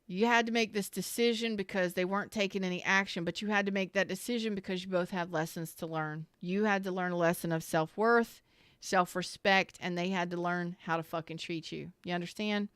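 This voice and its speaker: A woman's voice: lowish voice, fairly even intonation, fairly quick, a bit bright, clear, resonant tone, no echo. A woman giving a live-streamed tarot reading, talking in a rambling, candid and emotional way with casual swearing while close to tears. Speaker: tarot reader.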